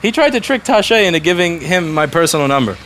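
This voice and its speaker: A shop owner lays down the rules to his staff in a blunt, profane rant. His man's voice sits a little high. Faint background noise runs under the talk. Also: big pitch swings, brisk, fairly bright tone. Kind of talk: casual workplace talk. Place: repair shop.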